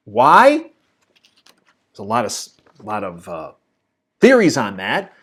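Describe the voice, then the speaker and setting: A man's voice: lowish voice, wildly swooping pitch, slow, a bit bright, breathy edge. A man hosting a political commentary briefing, reading news items and then explaining them in an emphatic, combative way with sarcastic asides and frequent restarts. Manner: repeats and restarts words while driving a point.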